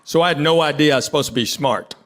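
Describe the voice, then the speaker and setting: A man's voice: on the high side, fast, fairly bright tone. A middle-aged man from Tennessee, telling stand-up stories in a dry way and acting out the people in them, on a theater stage with a handheld mic. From Knoxville, Tennessee. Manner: dry storytelling, acts out quoted people. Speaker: stand-up comedian. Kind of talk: stand-up comedy set. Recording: live show with crowd noise. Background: audience laughter.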